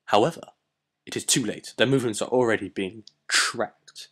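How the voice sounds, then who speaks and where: A man hosting a let's play, reading the game's cutscene text aloud in a plain, steady way. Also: fairly low pitch, moderate pace, husky.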